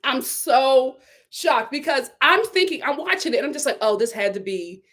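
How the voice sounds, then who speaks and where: A woman hosts a casual live recap of a reality show. Her voice sits high and swoops all over the place. She sounds incredulous and says things twice to drive a point home. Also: normal speed. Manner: animated, incredulous, repeats herself for emphasis. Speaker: reality TV review host.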